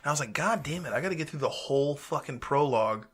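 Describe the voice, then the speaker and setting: Young male podcast co-host, bright forceful tone, swears, laughs a lot. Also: on the high side, fast, slightly rough. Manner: profane, animated storytelling, laughs often. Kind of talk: casual podcast chat.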